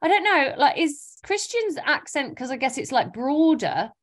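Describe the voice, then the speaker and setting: A woman's voice: sits high, sing-song, moderate pace. Chatty woman cohost, rambly and self-deprecating, casual podcast. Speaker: podcast co-host.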